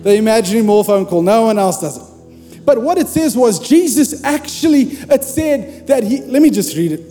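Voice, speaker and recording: A man's voice: very high-pitched, animated, normal speed, dark tone, long reverb tail, faint music behind. A man preaching a sermon in a conversational, humorous way, speaking directly to his congregation.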